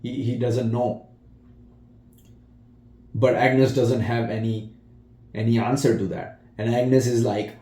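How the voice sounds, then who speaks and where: A man speaks slowly in a casual film review, his voice low and mellow. He retells scenes with feeling, often restarting his sentences. The room around him is echoey. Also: flat delivery. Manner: slow, emotional retelling with acted quotes and restarts.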